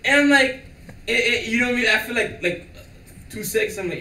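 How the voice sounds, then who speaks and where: A man whose first languages are French and Creole, chatting casually on a live stream as an animated storyteller who laughs often and fills his talk with "like". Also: extremely high pitch, fairly quick, long pauses, roomy sound, recorded from a distance, a little hiss or hum, low-quality recording. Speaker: livestream co-host. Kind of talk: casual chat.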